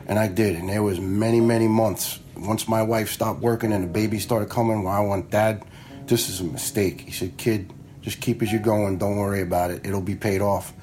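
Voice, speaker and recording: This man, a New York-area retired fire lieutenant, recounts personal stories with blunt frankness, swearing freely and acting out quoted dialogue in casual storytelling. His voice is on the low side and darkish, with a little hiss or hum.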